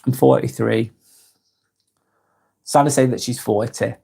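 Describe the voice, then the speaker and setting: A man's voice: medium pitch, steady tone, a little slow, vocal fry, warm tone, slightly rough. A man in his forties with a Lancashire accent, hosting a casual live vlog and reading viewer comments aloud, chatty and friendly, often restarting and correcting himself. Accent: Lancashire English. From England. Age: 40s.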